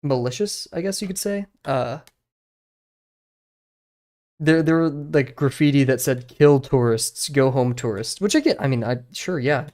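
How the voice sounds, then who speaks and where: A man's voice: a little high, animated, unhurried, pauses often, darkish tone. Rambling young man chatting while drawing. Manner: rambling, many fillers and restarts. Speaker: streamer. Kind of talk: casual chat while drawing on stream.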